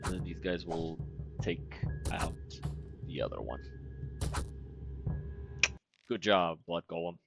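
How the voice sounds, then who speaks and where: A man giving casual, wry commentary while playing a video game, with deadpan jokes and frequent fillers. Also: low voice, slow pace, creaky, long pauses, music in the background, poor audio. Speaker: gaming streamer. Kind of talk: casual let's play commentary.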